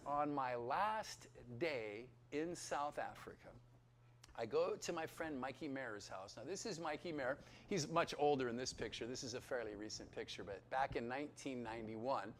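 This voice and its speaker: A man in his fifties telling his personal testimony to an audience in a chatty, animated way, often checking in with his listeners. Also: medium pitch, a little hiss or hum. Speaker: speaker giving a personal testimony. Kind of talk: lively storytelling testimony to an audience.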